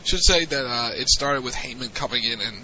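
A man co-hosting a show, calmly recounting events in casual chat. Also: medium pitch. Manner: unhurried storyteller, frequent "mm-hmm". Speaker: podcast co-host. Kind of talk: casual wrestling recap chat. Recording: dull lo-fi audio with faint noise.

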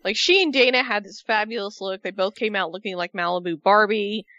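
A woman co-hosting a casual wrestling recap, talking in a chatty, animated way with rambling asides. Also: mid-range voice, a little fast, lo-fi sound. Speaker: podcast co-host.

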